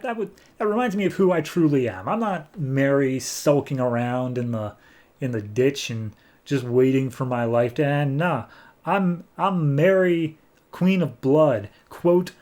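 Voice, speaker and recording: A man's voice: medium pitch, expressive, a little slow, darkish tone, close to an everyday voice. Man casually voicing a defiant fallen vampire queen. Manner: casual, barely changed voice in a retelling. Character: fierce former vampire queen, a woman.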